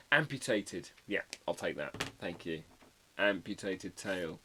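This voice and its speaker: Chatty stream host, lowish and lively voice, muttered asides, faint tape-like hiss behind. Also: male voice, a little slow. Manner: chatty, reads out viewer comments while drawing, quietly muttering asides. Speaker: livestream host drawing a card. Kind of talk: casual live-stream chat.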